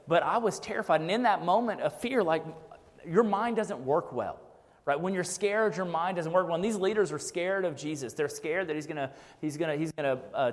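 A man delivers a relaxed, talky sermon in a slightly higher register than most men. He keeps tossing in "like" and "right?" as he works through his points. His voice rings with a long reverb from a big church hall. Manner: casual, frequent "like" and "right?" asides. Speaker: pastor. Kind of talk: conversational sermon.

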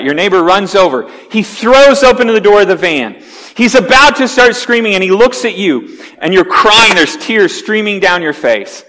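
A man preaching a sermon, telling a vivid story and acting out its scenes with growing intensity. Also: high voice. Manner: animated storyteller, acts out scenes with rising intensity. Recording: long hall reverb.

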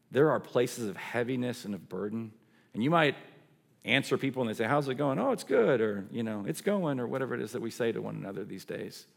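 A middle-aged man preaching a sermon, swinging from emphatic lines to hushed, drawn-out phrases. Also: mid-range voice, gravelly. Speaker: pastor.

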